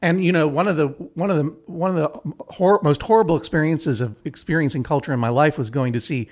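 A middle-aged man tells stories in a wry, rambling style, often restarting his sentences. His voice sits a little high for a man. He is a guest judge on a comedic podcast. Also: brisk, darkish tone.

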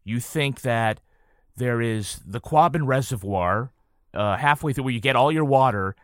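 A man's voice: mid-range voice, measured pace, no echo, clean studio sound. A man from western Massachusetts, a podcast guest telling stories in casual conversation. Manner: storytelling, animated when quoting people. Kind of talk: casual chat.

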